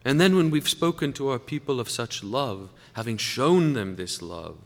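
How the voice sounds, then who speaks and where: A man giving a sermon-style lecture to clergy, speaking deliberately and slowing down to stress key words. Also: medium pitch, animated. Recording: long reverb of a large hall.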